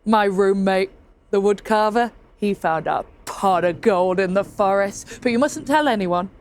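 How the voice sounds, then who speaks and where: A woman's voice: mid-range voice, measured pace, pitched below the performer's own voice, natural voice. A gullible tailor chatters eagerly, spilling secrets to anyone who listens, as a woman storyteller puts him on. Plain and chatty, with a storybook lilt. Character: gullible gossiping male tailor, eager to please.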